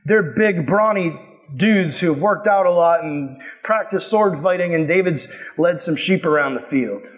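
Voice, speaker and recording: A man's voice: on the high side, unhurried. A man preaching in a casual, slangy, playful way, retelling a Bible story as a youth pastor.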